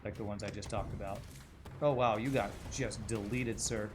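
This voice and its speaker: A man's voice: lowish voice, fairly even intonation, moderate pace, over music. A man streaming a video game, chatting casually with viewers and musing aloud about voices and accents as he plays. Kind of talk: casual gaming livestream chat.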